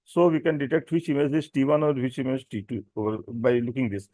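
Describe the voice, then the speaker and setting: Male doctor, Indian English accent, mid-range voice, dry recording; reads a technical talk with frequent pauses and restarts. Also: mid-range voice, steady tone, mellow, no echo. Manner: hesitant, many fillers and self-corrections. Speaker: doctor presenting at a medical symposium. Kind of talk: technical lecture.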